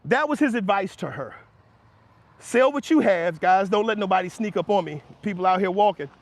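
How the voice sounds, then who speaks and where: A man with an animated voice at normal speed runs a livestream outdoors near passersby, debating money heatedly with his chat. He calls out chatters by name and laughs off their responses, his pitch rising as he makes emphatic, argumentative points.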